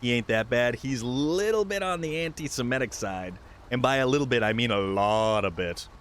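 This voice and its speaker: A man's voice: mid-range voice, expressive, fairly quick, a little hiss or hum. A man live-streaming a game, chatting loosely with viewers, joking and reading out the chat. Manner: rambling, jokey, reads chat aloud.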